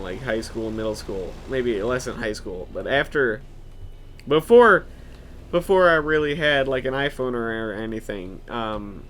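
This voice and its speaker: Sharp-voiced young man grumbling through a game. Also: mid-range voice, slight background noise. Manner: sarcastic, profane, grumbling. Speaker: gaming video host. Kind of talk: let's play commentary.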